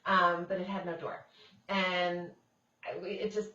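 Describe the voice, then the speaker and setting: A woman's voice: fairly low pitch, little pitch movement, a little slow, pushed and bright. A woman hosting a casual chat, a chatty and rambling storyteller who laughs easily. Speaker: host. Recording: echoey room, distant dull mic.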